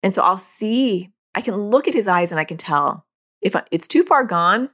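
A woman's voice: medium pitch, animated, moderate pace, a bit bright. A woman hosting a podcast, explaining in a casual conversational way and acting out dialogue in quoted voices. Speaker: podcast host; parent.

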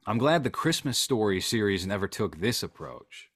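A man's voice: fairly low pitch, very animated, moderate pace. A man co-hosting a podcast, talking in a rambling, sarcastic, joking way. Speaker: podcast co-host. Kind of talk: casual chat.

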